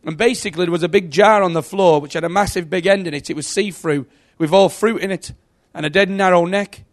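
A middle-aged man giving an emotional sermon testimony, telling stories and swinging from hushed to loud. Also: high voice, a little fast. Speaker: preacher.

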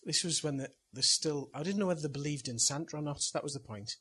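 A man's voice: a little high, fast talker, bright, forceful tone, slightly rough. A middle-aged man, a pastor, telling a funny family story in a chatty sermon and laughing at it as he goes. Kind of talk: sermon with personal anecdote.

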